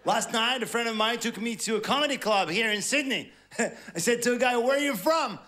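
A man from France with a French accent, performing a stand-up comedy set with a halting, self-deprecating delivery and playful acted quotes. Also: very high voice. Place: large theatre before a live audience. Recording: stage mic over loud audience laughter.

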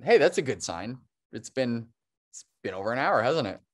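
Man, stop motion animator, podcast guest, casual rambling chat, laughs a lot, mid pitch. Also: sing-song, normal speed. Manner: long-winded, chatty, laughs often.

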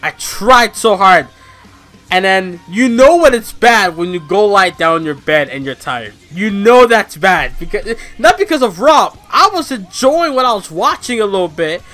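A man's voice: high voice, moderate pace, soft background music. A man giving a casual wrestling review, rambling and swearing and ranting with energy. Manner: rambling, profane, animated ranting.

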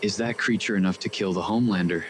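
A nervous young man from a fan animation, voiced by a man, anxiously relaying bad news and asking what to do. His voice is on the low side, with faint background hiss. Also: fast, close to an everyday voice. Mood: alarmed.

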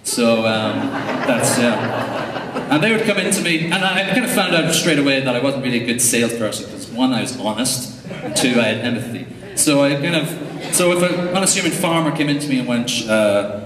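A man's voice: mid-range voice, a little fast, a bit bright. A young Irish man giving a humorous, chatty conference talk as a tech coach, full of fillers and asides. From Ireland. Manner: jokey, chatty, lots of fillers. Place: large hall before an audience. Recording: echoey hall recording from far off.

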